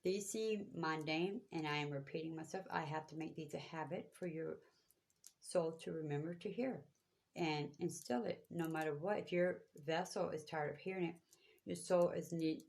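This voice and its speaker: A woman's voice: sits low, vocal fry, darkish tone. A woman giving spiritual guidance to viewers, talking in a preachy, repetitive, emphatic way. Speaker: spiritual reader.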